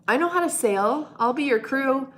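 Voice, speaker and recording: A woman's voice: sits high, animated, normal speed. A woman hosting a casual live stream, chatting with her viewers in a playful, teasing way. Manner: playful, teasing, breaks into loud monkey noises.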